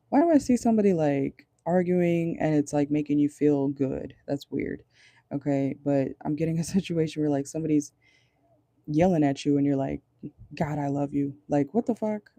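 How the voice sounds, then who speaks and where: Casual channeled tarot reading, profane and blunt, laughing often, very dark mellow voice, dry close sound. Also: medium pitch, normal speed, no echo. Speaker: tarot reader. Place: parked car.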